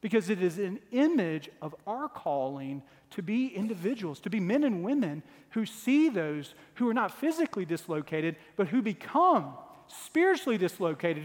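A man's voice: high-pitched, big pitch swings, normal speed. A man in his forties preaching a sermon as pastor, earnest, building to emphatic repeated phrases. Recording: long hall reverb.

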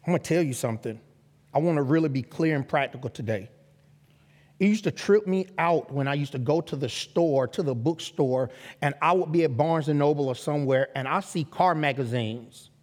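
A man preaching a sermon as a guest pastor, emphatic and calling for responses from the congregation, rising to loud exhortation. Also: on the high side, fairly quick. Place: church sanctuary. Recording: long reverb of a large hall.

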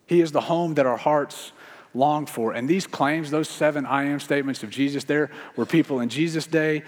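Male pastor, mid-pitched voice, earnest and measured sermon delivery, reverberant sanctuary sound. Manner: earnest, slow preaching with repeated phrases. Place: church sanctuary. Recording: long reverb of a large hall.

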